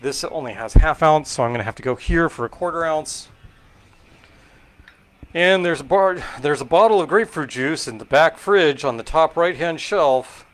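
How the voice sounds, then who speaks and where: A man's voice: fairly high pitch, animated, moderate pace. A middle-aged man from California's Central Valley, hosting a casual cocktail stream and thinking aloud with lots of fillers as he mixes. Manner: rambling, thinking aloud with fillers and self-corrections. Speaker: host making cocktails. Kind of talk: casual live-stream chat while mixing drinks.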